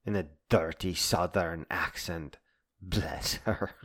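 A man reading a reflective, wry spoken essay in a musing, deliberate way. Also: low-pitched, fairly even intonation, a bit bright. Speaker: essay narrator. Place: Lake Michigan area.

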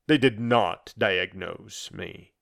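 A man's voice: lowish voice, vocal fry, fairly bright tone, exaggerated voice. A man voicing a scornful dying philosopher. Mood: bitter scorn. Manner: slow, measured, bitterly scornful declamation. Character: embittered dying male philosopher, proud and scornful. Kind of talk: dramatic monologue, a letter read aloud.

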